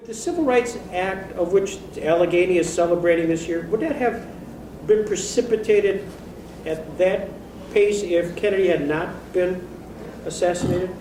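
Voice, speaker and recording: A man serving as interviewer, asking measured questions at a public event. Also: high voice. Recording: echoey and far from the mic, noisy.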